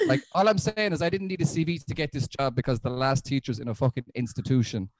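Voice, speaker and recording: A young Irish man doing a stand-up comedy set on a club stage, deadpan and self-deprecating, with frequent swearing. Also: medium pitch, fast, few pauses, dry recording, low-quality recording. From Ireland.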